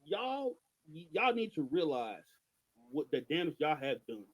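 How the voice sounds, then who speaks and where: Podcast co-host, male, high and lively voice, emphatic commentary. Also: unhurried, low-quality recording. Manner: animated, emphatic, rhetorical questions. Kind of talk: passionate political commentary.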